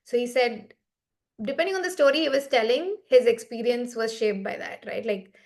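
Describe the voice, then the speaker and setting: A woman's voice: on the high side, expressive, moderate pace, vocal fry, darkish tone. A woman leading a meditation session on a video call, telling a story in a reflective, conversational way and often checking in with "right?". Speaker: meditation facilitator.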